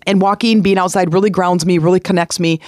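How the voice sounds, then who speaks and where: A woman's voice: on the low side, fairly even intonation, fast, no echo, studio quality. A middle-aged woman hosting a self-help podcast, talking in an earnest, conversational way that repeats points and slips into sing-song emphasis. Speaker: podcast host.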